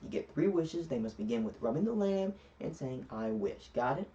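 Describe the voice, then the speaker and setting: A man's voice: mid-range voice, sing-song, normal speed, dark tone, voice pushed up, close to an everyday voice. The Genie, a man doing a brash breezy wisecracker. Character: brash fast-talking male genie. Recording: distant, dull lo-fi recording.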